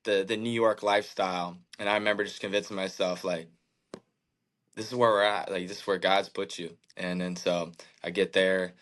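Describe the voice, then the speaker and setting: A man in his thirties, a podcast guest, telling a candid personal story in an earnest, halting way, with many fillers and restarts. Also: low-pitched, fairly even intonation, a bit bright. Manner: emotional, reflective faith talk. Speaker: podcast guest, baseball pitcher.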